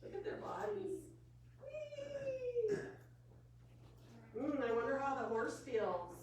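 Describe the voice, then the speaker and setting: Lively librarian reading to preschoolers. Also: female voice, fairly high pitch, normal speed. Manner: bright, coaxing teacher talk with questions. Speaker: children's librarian. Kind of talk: story time read-aloud for preschoolers. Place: library story room. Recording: echoey room, distant mic, faint hiss.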